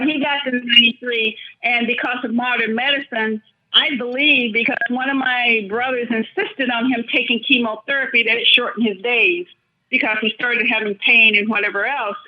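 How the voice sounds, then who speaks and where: Older woman, high-pitched, earnest interview guest; dull lo-fi recording. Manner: thoughtful, earnest, speaks with feeling. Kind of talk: reflective personal storytelling.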